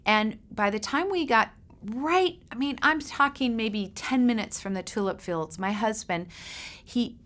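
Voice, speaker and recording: A middle-aged woman, a parent coach, telling a lively personal story to parents and acting out the voices in it. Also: a little slow. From Seattle area, United States. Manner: animated storyteller, acts out quoted voices with big pitch jumps.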